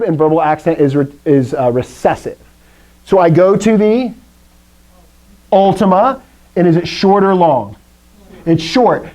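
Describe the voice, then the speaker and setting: Man teaching a lively classroom lesson. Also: a little high. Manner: lively, explaining step by step, jokey asides. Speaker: Greek teacher. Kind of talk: classroom lecture.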